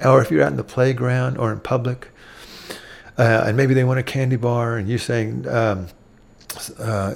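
A man's voice: mid-range voice, steady tone, normal speed, creaky. A middle-aged man hosting a parenting show, giving earnest advice and acting out what a parent should say to a child. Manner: earnest, acts out gentle parent lines to children. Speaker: parenting podcast host. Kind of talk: instructive talk.

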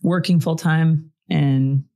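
Low, gravelly-voiced woman telling stories. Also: steady tone, takes it slowly, mellow. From Colorado, USA. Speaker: podcast guest. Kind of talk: casual storytelling chat.

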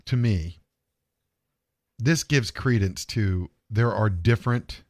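A man's voice: on the low side, slow, a little mellow, no room sound, studio quality. A man hosting a podcast, talking in a rambling, profane, chuckling way. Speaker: podcast host. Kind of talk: casual chat.

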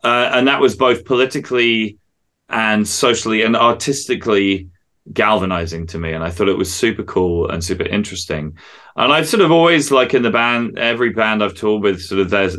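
A man who is a musician guest in a casual interview, talking in animated stories and swearing freely. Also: lowish voice, a little fast.

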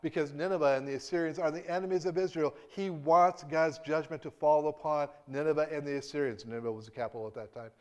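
A man preaching a sermon in a conversational way, with restarts and acted-out quotes, moving between hushed and emphatic. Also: on the high side, steady tone, quick pace, hardly any pauses.

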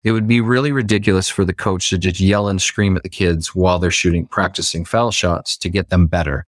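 A man's voice: low voice, steady tone, fairly quick, dry recording, clean studio sound. A man who is a life coach, speaking as a podcast guest and explaining ideas with acted-out examples. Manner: explanatory, acts out quoted dialogue. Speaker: football coach. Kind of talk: podcast interview.

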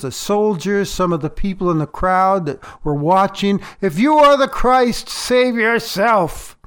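A male pastor delivering a sermon in a measured, deliberate way, pausing for emphasis. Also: high-pitched.

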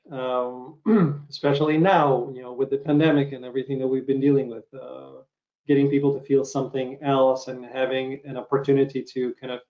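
A man hosts an easygoing interview, filling pauses with small sounds and nods of agreement. His sound is a bit dull and muffled. There is a clear echo of the room around him. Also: mid-range voice. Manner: relaxed, with many fillers and affirmations. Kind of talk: casual interview.

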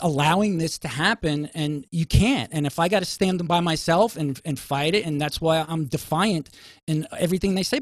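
A man's voice: on the high side, no room sound, studio quality. A man talking politics in a heated, casual way, stumbling through restarts.

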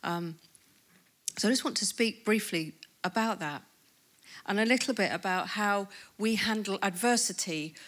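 A woman in her fifties speaking at a conference, telling a personal testimony in a lively storytelling way and acting out what people said. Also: medium pitch. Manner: lively storytelling with laughs and acted-out quotes.

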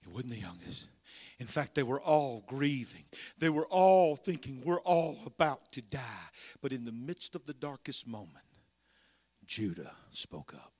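A man preaching a sermon in a singsong cadence, swinging between soft whispers and shouted call-and-response. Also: medium pitch, very animated, a little slow, no room sound.

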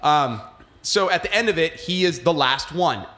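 Animated male co-host, slightly high voice, salty language. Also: moderate pace. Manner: animated, swears freely, stumbles over restarts. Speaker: podcast co-host. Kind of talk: casual chat.

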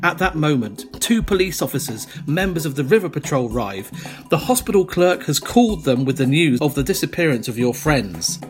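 A man's voice: on the high side, big pitch swings, brisk, soft background music. A man narrating a second-person adventure as game master on a podcast, reading descriptive prose with casual asides.

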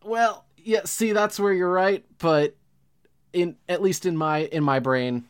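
A man, a voice actor, chatting casually in a cast Q&A with wry, quick jokes. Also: high-pitched, smooth. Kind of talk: casual chat.

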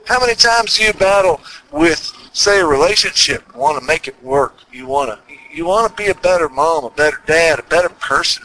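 Hosting a motivational podcast, a Texas-accented man delivers an earnest, folksy monologue packed with repeated rhetorical questions. His high voice is pushed and bright, and the poor audio carries a little hiss or hum.

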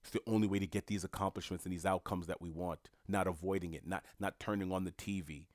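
A man's voice: low-pitched, steady tone, fast talker, a little mellow, dry recording, studio quality. A man delivering a motivational monologue, emphatic and repetitive, in a coaching tone. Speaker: motivational speaker.

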